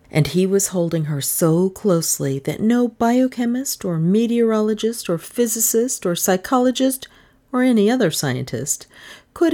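A woman reading a hardboiled comic novel aloud as audiobook narrator, brisk and wry. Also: mid-range voice, warm tone. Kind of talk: scripted narration.

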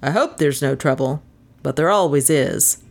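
Jolly booming vicar as a woman reads him, hearty, beaming, storybook. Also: moderate pace, vocal fry, darkish tone. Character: jovial booming middle-aged male vicar.

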